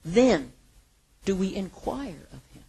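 A woman preaching a sermon with passion, her voice moving between hushed and loud. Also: mid-range voice, very animated, slow pace, vocal fry, husky, rough recording.

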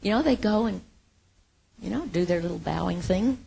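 A woman teaching from the Bible in a casual sermon, retelling the story with lively acted quotes and laughter. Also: mid-range voice, normal speed, gravelly, a little hiss or hum.

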